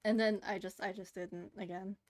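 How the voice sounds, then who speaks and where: A livestreamer in her thirties chats casually with her viewers while she draws, giggling and gushing over cute things. Her mid-range voice holds a steady tone at a normal speed.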